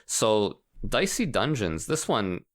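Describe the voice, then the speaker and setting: A man co-hosting a casual podcast, explaining a game in an animated way and laughing often. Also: on the low side, slow. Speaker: podcast co-host. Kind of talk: casual chat about video games.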